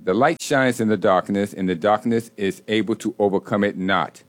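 Male co-host, low voice, teasing, leads a prayer. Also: moderate pace. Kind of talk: prayer and casual banter.

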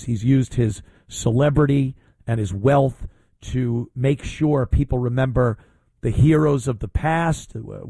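Male radio host, blunt, indignant, rambling; mellow, dry studio sound. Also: mid-range voice, dry recording. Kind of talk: opinionated radio talk.

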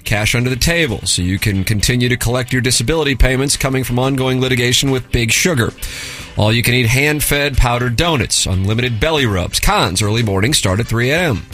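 A man's voice: medium pitch, a little fast, fairly bright tone, soft background music. A man hosting a radio show, reading listener emails aloud with a sarcastic, mock-formal delivery.

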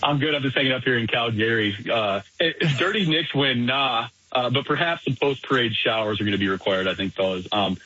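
A man's voice: mid-range voice, fairly quick, few pauses, pushed and bright, husky. Jokey male radio caller. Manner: jokey, playful. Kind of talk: phoned-in radio chat. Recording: slightly muffled radio line.

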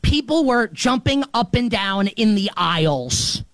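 A man from New York hosting a sports show, delivering an animated, emphatic monologue that swings between loud highs and muttered lows. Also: a little slow, dry recording. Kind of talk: excited sports commentary monologue.

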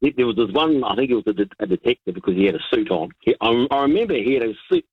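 A man, calling in to a radio show and telling an animated anecdote full of restarts and chuckles. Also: medium pitch, quick pace, slightly rough, no echo. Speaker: caller. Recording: dull, lo-fi line.

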